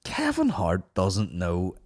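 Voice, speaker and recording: A man hosting a podcast, swearing through animated, casual banter. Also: sits low, slow. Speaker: podcast host. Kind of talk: casual chat.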